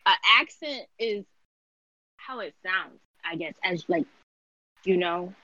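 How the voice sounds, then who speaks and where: Young woman, halting earnest talk, dry dull recording. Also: lowish voice, expressive, bright, forceful tone, no echo. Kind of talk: casual group chat. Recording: dull lo-fi sound.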